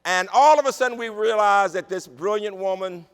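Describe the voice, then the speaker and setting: A man giving an inspirational keynote speech in a large conference hall, with a rhythmic, repetitive cadence that drops to a hush in tender moments. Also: high-pitched, moderate pace, clear, resonant tone. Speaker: keynote speaker, university president. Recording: long hall reverb over a PA.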